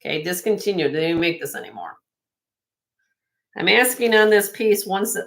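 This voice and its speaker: A woman hosting a live online jewelry sale, chatting excitedly and loudly as she shows each piece. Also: mid-range voice, normal speed. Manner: excitable, loud, chatty sales patter.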